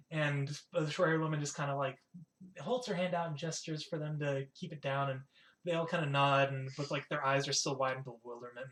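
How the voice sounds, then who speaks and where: A man's voice: on the high side, a bit bright. A man narrating a tabletop game as game master, casual and full of "like" and "kind of". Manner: casual, filler-heavy, says "like" and "kind of" often.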